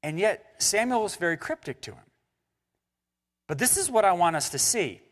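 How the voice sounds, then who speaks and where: A male pastor preaches with a bright, lifted voice that swings widely up and down. He slips in and out of playful voices for biblical characters. The sound carries a long reverb from a church hall. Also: high-pitched, normal speed. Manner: animated, acting out biblical characters in casual voices. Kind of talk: sermon. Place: church sanctuary.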